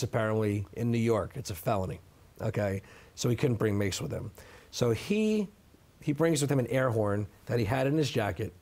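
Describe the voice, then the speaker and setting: A middle-aged male interview guest with a mid-range, darkish voice sits down to tell his side of a story. He's emphatic throughout, frequently adding "okay?" to drive his points home.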